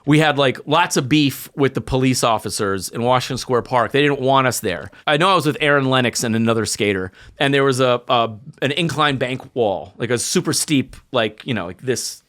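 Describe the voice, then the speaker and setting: A man, telling lively stories as a podcast guest and acting out what people said. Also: mid-range voice, moderate pace, hardly any pauses. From New York. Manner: animated storyteller acting out quotes, many fillers. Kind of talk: casual storytelling chat.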